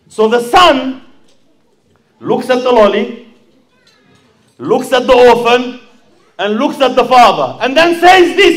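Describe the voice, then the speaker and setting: Impassioned high-voiced male preacher. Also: animated, slow pace, a bit bright. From Sydney. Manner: impassioned, calls out to the crowd and acts out a story. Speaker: fundraising preacher. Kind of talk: sermon and fundraising appeal.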